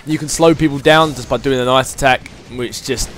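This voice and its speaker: A man chatting excitably through his let's play commentary as he plays a video game, thinking aloud as he goes. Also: mid-range voice, fairly quick, slight background noise. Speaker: gaming channel host.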